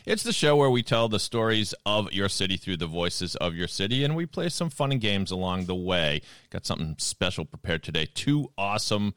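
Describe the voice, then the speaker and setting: Joking Boston host with a bright, lively voice. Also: male voice, deep voice, fairly quick, hardly any pauses, clean tone, no room sound. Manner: jokey, playful banter. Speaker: podcast host. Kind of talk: casual chat. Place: podcast studio.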